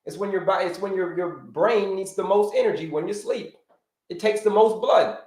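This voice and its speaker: An American man with a voice pitched well above most men's coaches viewers through a livestream health lesson at a moderate pace. He's an animated teacher who hammers his points home by repeating them and greets viewers by name. His livestream setup picks up a roomy echo.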